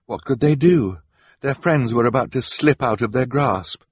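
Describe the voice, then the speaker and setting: A man narrating a story as an audiobook reader, expressive in delivery. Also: mid-range voice, moderate pace, slightly rough, no room sound. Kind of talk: scripted narration.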